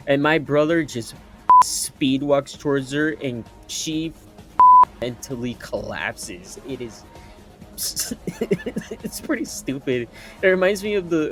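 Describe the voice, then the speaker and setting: A man's voice: mid-range voice, fairly bright tone. Rambling young man reviewing a movie. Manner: rambling, incredulous, laughs often, swears casually. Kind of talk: unscripted spoken movie review.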